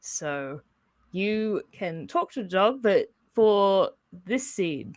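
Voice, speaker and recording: A woman running a tabletop game as game master, chatty and laughing, with halting restarts. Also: medium pitch, big pitch swings, dry recording, clean studio sound.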